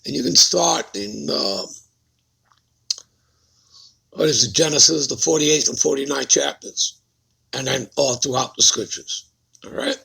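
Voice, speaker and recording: A man's voice: mid-range voice, unhurried, vocal fry, pauses often, pushed and bright, breathy edge. A man preaching a Bible-study sermon who keeps putting rhetorical questions to his listeners and checking in with them.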